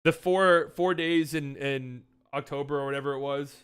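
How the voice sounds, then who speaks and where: Guy hosting a sports chat, bright clear voice, kinda worked up, faint music under it. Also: fairly high pitch, moderate pace. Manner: animated, exasperated ranting. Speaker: podcast host.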